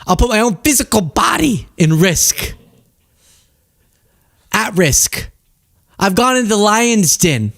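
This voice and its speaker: A man's voice: high voice, slow, gravelly, long pauses, no room sound, clean studio sound. A man hosting a commentary podcast, ranting in an emphatic way and laughing often. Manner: animated, emphatic, laughs a lot. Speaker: podcast host.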